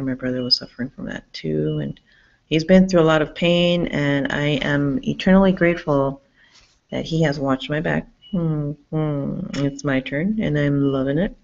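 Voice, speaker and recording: A woman's voice: sits low, creaky, a little mellow. A woman talking to her camera in a rambling, agitated monologue, swearing often and restarting her sentences, recorded indoors in a public campus building. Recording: dull lo-fi sound.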